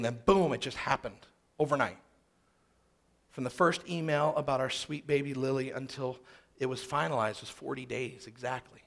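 A man's voice: on the high side, gravelly, fairly bright tone. Emphatic preacher, a man in his thirties. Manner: emphatic, repeats phrases for rhythm. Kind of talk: sermon storytelling.

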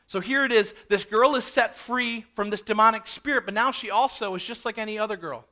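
A man preaching a sermon, expressive, swinging from loud emphasis to hushed low words. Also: fairly quick. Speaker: pastor.

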